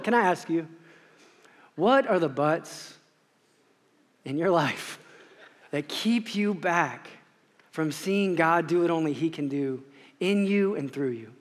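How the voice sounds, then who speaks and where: High-voiced impassioned preacher man. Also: expressive, takes it slowly, long pauses. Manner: impassioned, rising to urgent repeated questions. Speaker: pastor. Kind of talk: sermon. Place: church sanctuary. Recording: long hall reverb.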